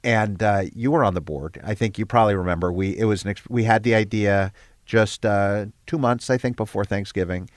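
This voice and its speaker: A man's voice: on the low side, brisk, no room sound. An older man, the head of a nonprofit, telling stories earnestly in an interview, with fillers and restarts. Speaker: guest, head of a storytelling nonprofit. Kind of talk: conversational interview.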